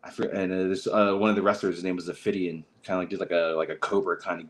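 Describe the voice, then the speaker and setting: Rambling low-voiced man telling stories. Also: flat delivery, fast talker, a little hiss or hum, rough recording. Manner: rambling storyteller, many fillers and restarts, acts out quotes. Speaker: podcast host. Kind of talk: casual livestream chat.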